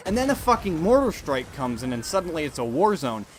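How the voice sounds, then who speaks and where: A man's voice: fairly high pitch, big pitch swings, fairly quick, slight background noise. A man giving a sarcastic, profane, exasperated movie review. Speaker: film reviewer.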